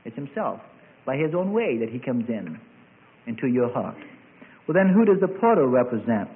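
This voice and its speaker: A man's voice: sing-song, moderate pace, slight background noise. Fervent preacher man on a tinny recording. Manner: shouts and stretches quoted words, voice soaring high. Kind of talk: sermon.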